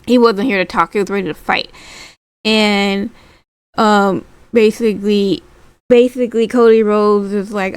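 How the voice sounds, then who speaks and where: Woman vlogger, casual wrestling recap, smooth mid-pitched voice, dry close sound, rambling delivery. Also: a little slow, no room sound. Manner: chatty, rambling, lots of fillers; acts out quotes in a lively voice.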